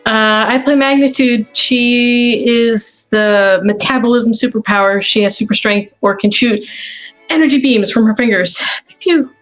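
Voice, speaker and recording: Bubbly woman player, higher voice. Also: steady tone, measured pace, fairly bright tone, faint music behind, poor audio. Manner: bubbly, playful.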